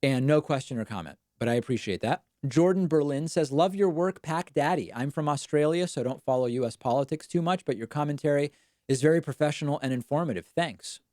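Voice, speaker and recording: A man's voice: on the high side, darkish tone, dry recording, clean studio sound. Wry man hosting a live stream. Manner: casual, quick and wry, self-deprecating asides. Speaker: show host. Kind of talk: live-stream political commentary and reading viewer chats.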